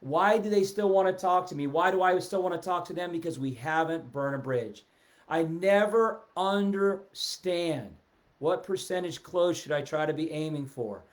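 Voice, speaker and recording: A middle-aged man giving a casual, animated sales talk on a live stream, seated and reading out viewer comments. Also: a little high, moderate pace. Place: indoors, seated in a chair. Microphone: webcam or phone at a desk, seated.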